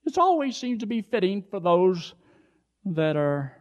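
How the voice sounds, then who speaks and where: Older man, preacher, folksy sermon voice, very animated delivery. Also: sits high, a little slow, lo-fi sound. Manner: swings from quiet storytelling to loud emphatic preaching; folksy, asks the congregation questions.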